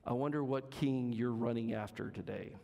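Dramatic preacher in an echoing church. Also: male voice, mid-range voice, creaky, muffled recording. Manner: dramatic, with big swings in loudness and emphatic, drawn-out words. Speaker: pastor. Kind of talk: sermon. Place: church sanctuary.

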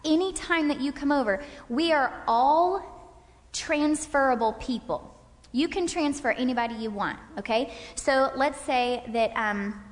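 High-voiced woman teaching from a hall stage. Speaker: speaker leading a parenting class. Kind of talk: interactive faith-based lecture with volunteers. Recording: hall reverb from a stage talk.

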